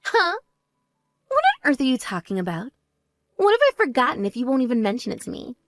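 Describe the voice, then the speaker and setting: A woman voicing a spoiled, vain young woman who talks in a mocking, shrill and demanding way. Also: wildly swooping pitch, a little fast, a bit bright, full character voice. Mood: indignant.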